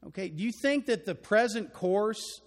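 An older man with a Texan accent preaching a sermon, earnest and emphatic, building to loud declarations. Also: high-pitched, lively intonation, moderate pace, in a large hall. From Texas. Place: church auditorium.

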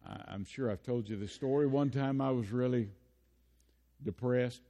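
A man's voice: medium pitch, moderate pace, mellow. Older guy pastor, chatty storytelling sermon that gets fired up, big echoey church sound. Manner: folksy storytelling that builds to impassioned preaching. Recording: long hall reverb.

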